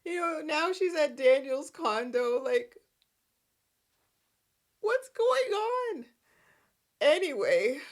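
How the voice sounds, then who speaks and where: A woman hosting a soap opera recap, chatting casually, laughing often and acting out the characters' lines. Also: high voice. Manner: animated, laughs a lot, acts out characters' lines.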